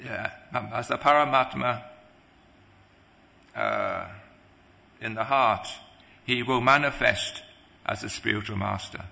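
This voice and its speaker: A man preaching a devotional sermon, halting, with many restarts and pauses. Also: mid-range voice, creaky, sharp tone, big-room sound.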